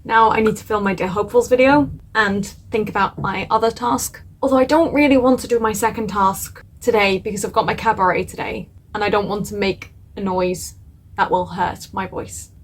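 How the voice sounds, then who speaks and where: A woman's voice: medium pitch, steady tone, moderate pace. A young woman vlogging her home game challenge, thinking aloud, torn between choices and laughing often. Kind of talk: casual talking-to-camera vlog.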